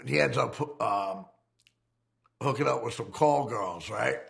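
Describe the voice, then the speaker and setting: A man's voice: mid-range voice, unhurried, gravelly, fairly bright tone. A man, telling a rambling, profane crime story in casual conversation and laughing as he goes. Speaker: ex-convict telling his story.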